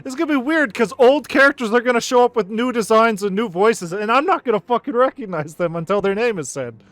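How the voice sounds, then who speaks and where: A man's voice: very high-pitched, animated, a little fast, a bit bright, no room sound, soft background music. A man streaming a video game, commenting casually with sarcasm and lots of swearing.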